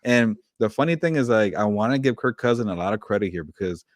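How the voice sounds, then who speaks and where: A man with a lowish voice banters about football as a podcast co-host. He laughs easily and trips over his words with fillers and restarts. The recording is dry and close, with no room sound. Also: expressive, fast, no room sound. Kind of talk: casual sports chat.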